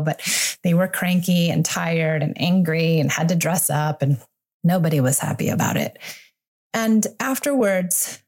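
A parenting coach in her forties speaks alone on her podcast in a slightly low, somewhat mellow voice at normal speed. She is candid and confessional, reassuring her listeners as she goes.

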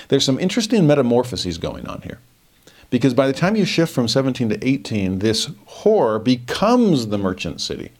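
A middle-aged man teaching a verse-by-verse scripture lesson, expressive, moving between lively asides and quiet emphasis. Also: medium pitch. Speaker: Bible teacher.

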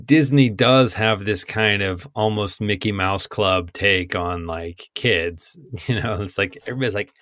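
A middle-aged man co-hosting a podcast, talking films in an animated, wry way. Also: lowish voice, measured pace, few pauses, no room sound. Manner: animated, wry, acts out lines in voices. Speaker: podcast co-host. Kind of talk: casual film discussion. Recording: dry close sound.

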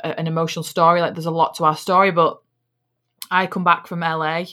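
A woman's voice: sits low, little pitch movement, quick pace, bright, forceful tone. A young Englishwoman, hosting a podcast in a casual, chatty way, often restarting phrases and dropping in "like" and "you know.". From England. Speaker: podcast host. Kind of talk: casual personal chat.

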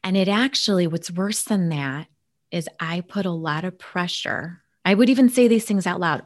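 Woman with a lowish voice, earnest and chatty, goes almost whispery on the soft bits. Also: normal speed. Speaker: guest sharing a family story. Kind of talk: casual conversational storytelling.

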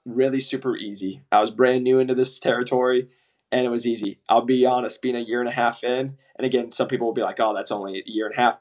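A young man in casual podcast chat with a medium-pitched voice, recounting work stories with energy. He slips into quoted voices and swears freely along the way. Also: darkish tone. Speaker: medical device sales rep, podcast co-host.

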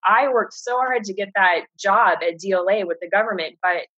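An earnest woman in her thirties, a guest on a recorded conversation, openly shares her own story and grows animated when quoting others. Her husky, slightly breathy voice is medium in pitch and moderate in pace. The sound is dry, dull and lo-fi, with no room sound.

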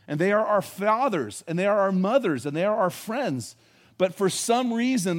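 A pastor preaching a sermon in a conversational, folksy storytelling way, hitting key words with emphasis. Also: male voice, high voice.

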